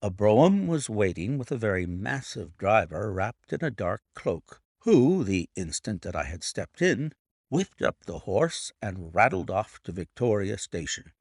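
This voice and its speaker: Low gravelly male audiobook narrator. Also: very animated, unhurried, dry recording, studio quality. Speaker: audiobook reader. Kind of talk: scripted narration.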